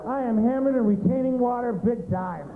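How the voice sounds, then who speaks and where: A man's voice: very high voice, brisk. A man doing stand-up with conversational storytelling, often asking the audience questions. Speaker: stand-up comedian. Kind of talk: stand-up routine. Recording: tinny, noisy 90s TV recording.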